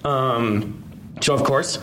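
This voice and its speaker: A man's voice: medium pitch, slow, sharp tone, slight background noise, low-quality recording. A man co-hosting a podcast, chatting loosely with self-deprecating, rambling asides. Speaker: podcast co-host, website editor. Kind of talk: casual news chat.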